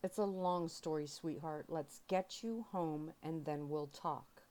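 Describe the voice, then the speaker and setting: A woman reading a novel aloud in a soft-spoken ASMR style, voicing a worried, angry father who pleads with his daughter. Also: low voice, slow pace. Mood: weary. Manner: pleading then insistent.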